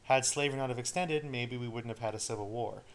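A man's voice: medium pitch, quick pace. Joking history teacher, man. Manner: casual, joking asides to students. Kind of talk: recorded study-guide lecture.

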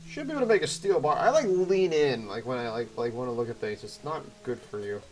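A young man commentating a video game, excitable and chatty, yelping at danger and answering chat. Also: medium pitch, fast talker. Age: young adult. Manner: excitable, yelps and exclaims, chatty asides to chat. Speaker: let's play host. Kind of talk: gameplay commentary.

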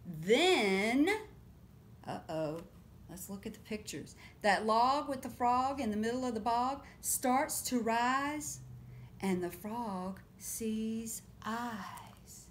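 A woman reading picture books aloud at story time, animated and stopping often to ask the children questions. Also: a little high, takes it slowly, a little hiss or hum. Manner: animated, asks children questions and invites them to join in.

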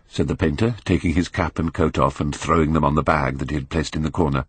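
A man narrating a classic novel in a measured, expressive way. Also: very deep voice, breathy edge, no room sound. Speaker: audiobook narrator.

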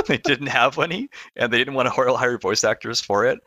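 A man talking as a game-developer guest on a podcast, in a relaxed, hesitant way and laughing often. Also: mid-range voice, fast talker, hardly any pauses, no room sound. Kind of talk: casual podcast chat.

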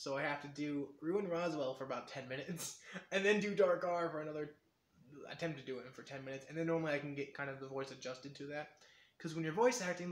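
A man rambling through a casual vlog, often stopping to correct himself, speaking a bit higher than most men. His throat sounds strained and sore, and the room throws back a clear echo. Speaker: vlogger.

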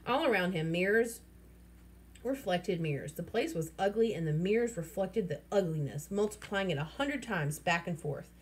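Husky-voiced woman reading a novel aloud. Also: on the low side, lively intonation, normal speed. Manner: breaks off to explain the story casually. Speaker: reader.

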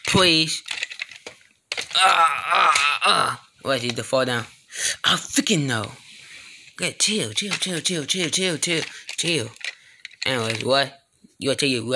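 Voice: mid-range voice, no room sound. A person performing an improvised comedy skit, rambling and stumbling over words as they talk. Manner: animated, talking to followers. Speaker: skit creator.

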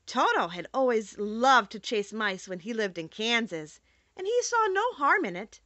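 Woman, audiobook narrator, bright, animated pitch, dry close mic. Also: no room sound, dull audio. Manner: expressive and measured. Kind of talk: scripted storybook narration.

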